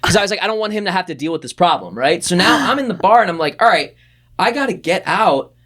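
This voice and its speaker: A young man in his twenties, a podcast producer, telling a story in casual chat and jumping up in pitch as he acts out what people said. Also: fast talker. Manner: animated, acts out quoted voices with big pitch jumps.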